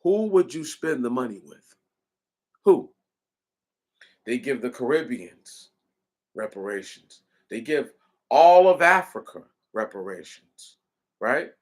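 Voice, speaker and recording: Man preaching with rhetorical questions. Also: mid-range voice. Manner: emphatic, repetitive rhetorical questions, preaching cadence. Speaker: commentator. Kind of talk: impassioned spoken commentary.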